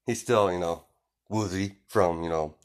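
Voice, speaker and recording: A man's voice: low-pitched, measured pace, clean tone. A man casually improvising a fan story, rambling with lots of fillers and frequent chuckles.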